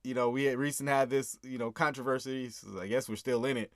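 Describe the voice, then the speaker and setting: A man's voice: medium pitch, steady tone, fast, dry recording, studio quality. A man hosting a casual breakdown of his own song, talking earnestly and often tagging his points with "right?". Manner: earnest, keeps asking "right?", chuckles. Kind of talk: casual commentary.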